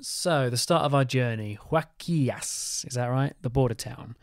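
A man co-hosting a travel podcast, chatting in a relaxed, jokey way. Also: medium pitch, moderate pace, dry recording, studio quality. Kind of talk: casual chat.

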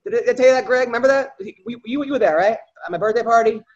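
A man hosting a podcast, telling an animated story and putting on quick voices for the people in it. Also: very high voice, dull audio. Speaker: podcast host, comedian. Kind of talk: casual storytelling chat.

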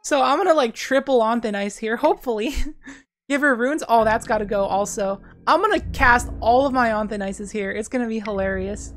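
A fairly high-voiced woman gives play-by-play on her own card game from a home desk microphone. She chats and thinks aloud, then breaks into sudden excited bursts. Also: moderate pace, a little hiss or hum. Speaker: gameplay streamer. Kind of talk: casual play-by-play commentary.

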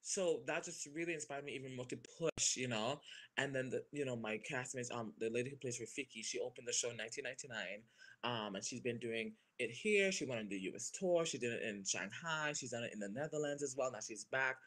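A man in his thirties, a stage performer, gushing in a casual interview and laughing often. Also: medium pitch. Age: 30s. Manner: animated, gushing, quick to laugh.

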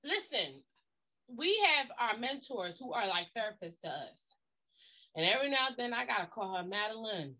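Woman co-pastor, high-pitched and bright, blunt folksy preacher. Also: big pitch swings, moderate pace. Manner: emphatic, folksy and blunt, with repeated catchphrases. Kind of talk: preaching-style talk on a livestream.

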